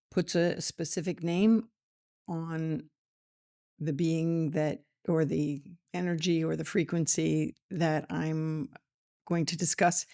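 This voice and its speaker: A woman with a fairly low, creaky, slightly mellow voice hosts a spiritual podcast from a small office studio. Her casual talk is chatty and emotional, and she laughs often and comes close to tears.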